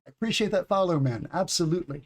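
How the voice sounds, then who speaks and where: A middle-aged American man speaks in a high-pitched, expressive voice while teaching a casual English lesson on a livestream. He reads the chat and drills pronunciation slowly and clearly.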